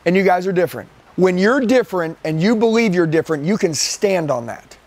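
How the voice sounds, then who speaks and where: A man with a high-pitched voice coaching a room of trainees live in an indoor training room. He is intense and emphatic, hammers his points by repeating them, and keeps calling people "dude". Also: lively intonation, a little fast. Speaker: sales trainer.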